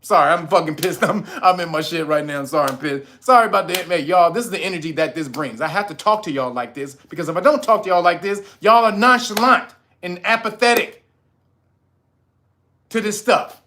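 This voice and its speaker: A man's voice: a little high, quick pace, few pauses, fairly bright tone. A man hosting a livestream, ranting in a blunt, profane and preachy way. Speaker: livestream host. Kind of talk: heated livestream rant.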